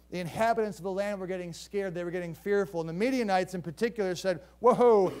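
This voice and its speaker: A man's voice: high-pitched, darkish tone, clear, resonant tone. A male pastor preaching a sermon in a conversational storytelling way, sprinkling modern jokes into a Bible story. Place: church.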